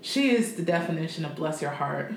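Lively woman with a slight Southern twang. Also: sits low, brisk, creaky, background noise. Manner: lively, blunt, laughs often. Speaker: podcast co-host. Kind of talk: casual chat. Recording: roomy podcast recording, faint ambience.

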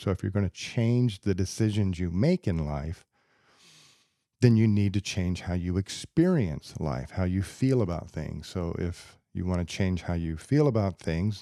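A man hosting a podcast alone as a psychologist, explaining ideas step by step in a steady, lecturing way. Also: low voice, no echo, studio quality. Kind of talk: casual solo podcast talk. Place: podcast studio.

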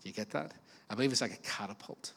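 A man's voice: fairly low pitch, quick pace, vocal fry. Male pastor preaching in an echoing hall. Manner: conversational, animated preaching with asides to the congregation. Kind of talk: sermon. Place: church auditorium. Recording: long reverb of a church hall.

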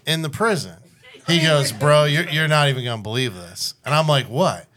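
A man's voice: fairly high pitch, expressive, normal speed, crowd noise. A man on a podcast, telling crude, wild stories in casual chat and laughing his way through them. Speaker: podcast guest.

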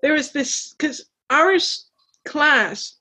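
A woman hosting a casual chat, curious and relaxed, asking questions. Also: sits high, slow pace.

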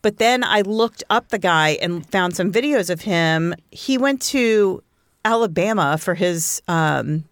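A woman's voice: lively intonation, measured pace, no room sound, clean studio sound. A woman in her forties co-hosting a podcast, chatting casually and acting out quotes in her stories. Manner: chatty storyteller, acts out quotes with big pitch jumps. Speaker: podcast co-host. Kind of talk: casual chat.

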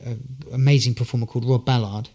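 A man's voice: medium pitch, level tone, quick pace, warm tone, breathy edge, muffled recording. A man telling a long anecdote as a podcast guest, full of fillers and restarts. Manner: rambling storyteller, many fillers and restarts. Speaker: guest, street performer.

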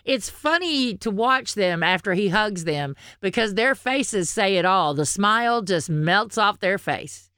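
Brief: Southern US woman, podcast co-host, loose and profane, mid-pitched, dead-dry room. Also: lively intonation, unhurried, few pauses, a bit bright, clear, resonant tone, dry recording. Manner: chatty, laughing, swears freely. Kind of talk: casual chat.

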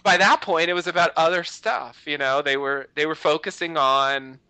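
A man's voice: a little high, moderate pace, bright, forceful tone, clear, resonant tone, no room sound, low-quality recording. A man co-hosting a podcast in casual chat, rambling and peppering his talk with "you know" and restarts. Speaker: podcast host.

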